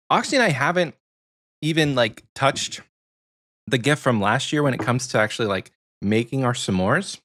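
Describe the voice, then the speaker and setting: A man's voice: medium pitch, fairly bright tone. An American man co-hosting a podcast, chatting casually and rambling with frequent ums. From United States. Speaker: podcast co-host.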